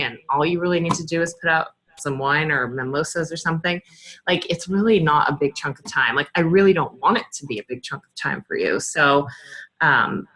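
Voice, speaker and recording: A woman's voice: on the low side, a bit bright. A woman in her thirties coaching her sales team in a casual, chatty way, acting out bits of customer dialogue. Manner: chatty, lots of fillers, acts out customer dialogue.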